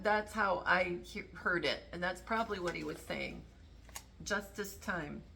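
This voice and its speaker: Gravelly woman rambling earnestly. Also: mid-range voice, sharp tone, a little hiss or hum. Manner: rambling, self-interrupting, earnest. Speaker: political commentary vlogger. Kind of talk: casual talk to camera.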